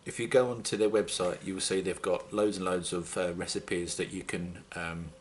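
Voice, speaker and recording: Bloke chatting thru a homebrew video, low voice, jokey and relaxed. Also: male voice, moderate pace, slight background noise. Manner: chatty, jokey, addresses viewers as folks. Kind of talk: casual how-to narration. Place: home conservatory.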